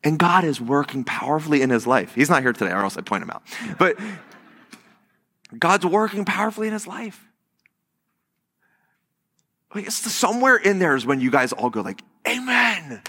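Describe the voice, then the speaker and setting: A man's voice: fairly high pitch, moderate pace, pauses often, in a large hall. A man preaching a sermon as pastor in a church, telling stories animatedly and acting out the quotes. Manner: animated storytelling with acted-out quotes. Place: church sanctuary.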